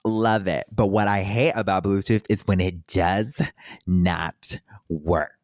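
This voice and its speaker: A man's voice: sits low, steady tone, slow pace, dry recording, studio quality. A man co-hosting a casual chat podcast, trading sassy, campy banter. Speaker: podcast co-host.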